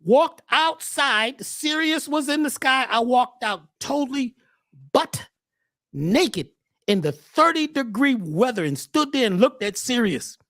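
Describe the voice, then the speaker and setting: A man as a podcast guest talking casually in an animated, preachy way, often repeating words as he starts a thought. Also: very high voice, a little slow, no room sound, clean studio sound.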